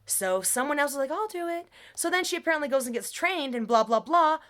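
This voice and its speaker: A young woman vents into her phone camera in a rambling, heated monologue. Her voice is bright and sharp and sits a little high, and she swears freely as she goes. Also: animated, fast talker. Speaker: vlogger. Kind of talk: emotional venting monologue.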